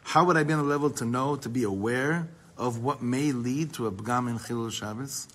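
A man's voice: mid-range voice, fairly quick, a bit bright. A man teaching a Torah class as a rabbi, speaking emphatically and mixing Hebrew terms into his English.

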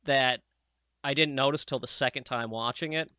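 Man, podcast co-host, casual and excitable, swears a lot, bright forceful tone, close and dry sound. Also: mid-range voice, normal speed, clear, resonant tone, no echo. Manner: enthusiastic, swears freely. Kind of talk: casual chat.

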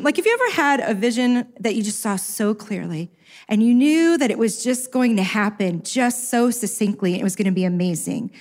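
A woman telling a humorous personal story to a live audience, self-mocking and acting out what people said. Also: a little high. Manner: lively, self-mocking, acts out quotes. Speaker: speaker sharing a personal story.

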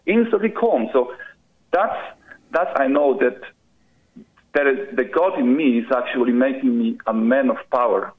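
A man from Poland with a Polish accent, calling in to a show and speaking haltingly, full of "you know". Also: mid-range voice, breathy edge. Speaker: caller. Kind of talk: casual call-in chat. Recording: muffled phone call-in line.

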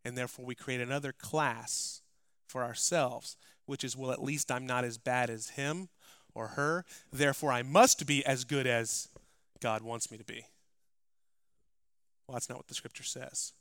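Bright, crisp preaching man. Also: mid-range voice, fairly even intonation, moderate pace, no room sound, studio quality. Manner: rises to loud, emphatic preaching, then drops to quiet asides. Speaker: pastor. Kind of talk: sermon. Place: church.

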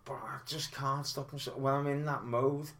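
A man with a mild Liverpool accent talks in a casual film podcast chat. He speaks hesitantly, fills pauses with ums, and sounds earnest. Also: medium pitch, flat delivery, fairly bright tone. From Liverpool, England. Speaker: podcast co-host.

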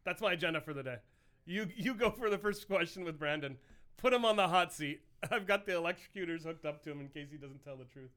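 A man's voice: fairly high pitch, lively intonation, quick pace, fairly bright tone. A man co-hosting a podcast, talking in a loose, rambling, joking way. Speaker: podcast co-host. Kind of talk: casual chat.

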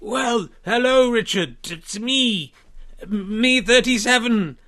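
A man's voice: very high-pitched, slow, pushed and bright, voice pushed up, full character voice. A man playing a theatrical show-off impressionist. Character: show-off male impressionist, a version of the host.

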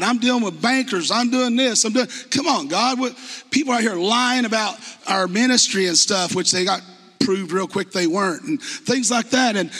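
A man preaching in a church, his voice pitched high and sharp with a husky edge. He talks to the congregation in a conversational but impassioned way, full of rhetorical questions. The sound carries a long reverb from the church hall. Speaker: pastor. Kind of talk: sermon. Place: church sanctuary.

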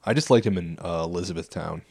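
A man's voice: low-pitched, fast talker, vocal fry, dark tone, husky. A man co-hosting a casual podcast chat, blunt and swearing freely. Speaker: podcast co-host.

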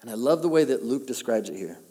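A man preaching a sermon, telling the story with animated delivery and acting out the quoted lines. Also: medium pitch, fast, slightly rough. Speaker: pastor. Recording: long hall reverb.

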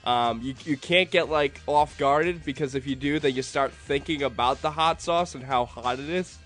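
A man's voice: mid-range voice, moderate pace, fairly bright tone, faint music behind. A man co-hosting a podcast, talking upbeat with lots of ums. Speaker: podcast co-host. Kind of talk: casual chat.

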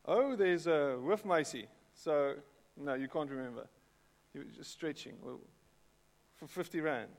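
Slow-talking South African pastor. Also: male voice, on the high side, expressive. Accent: South African English. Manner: conversational, jokes with the congregation, repeats words. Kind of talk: sermon. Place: church hall with long reverb. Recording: echoey hall.

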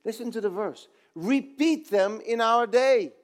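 A man preaching a sermon, reading scripture and praying, then urging his listeners on with rising fervor. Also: very high voice. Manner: builds from slow prayerful reading to rising exhortation. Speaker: pastor.

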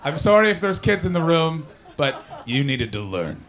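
A man's voice: a little high, very animated, normal speed, noisy background. A man doing stand-up crowd work on a comedy club stage. He is brash and profane, and he teases audience members. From not from the UK.

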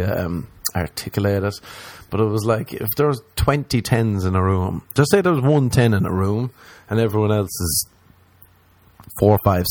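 A man's voice: on the low side, darkish tone, no room sound. A young man telling a rambling, profane comic monologue. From Ireland. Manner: rambling, profane, mocking asides. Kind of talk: casual stand-up style monologue.

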